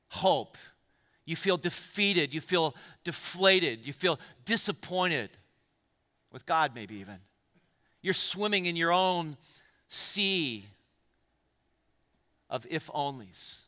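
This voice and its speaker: A man's voice: sits high, pushed and bright, long reverb tail. A man preaching a sermon to a church congregation, asking the crowd questions and repeating words for emphasis. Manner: addresses the congregation directly with questions. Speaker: pastor.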